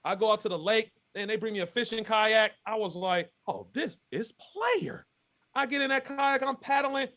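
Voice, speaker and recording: Male guest, high pitch, casual and lively storyteller who voices the other people in his story. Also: brisk, few pauses. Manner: lively, acts out quotes of others. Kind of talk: animated storytelling.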